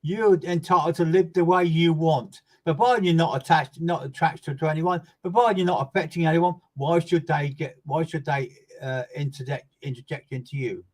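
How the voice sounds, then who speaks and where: A man, a medium giving live readings and speaking to viewers by name. He is earnest and emphatic, repeats words for stress, and swings from loud bursts down to soft low asides. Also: normal speed, few pauses, poor audio.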